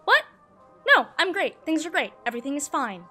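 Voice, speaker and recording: A woman's voice: high voice, big pitch swings, brisk, pushed and bright, faint music behind, heavily acted. A woman voicing a stubborn all-controlling female god who keeps insisting everything is fine. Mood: defensive.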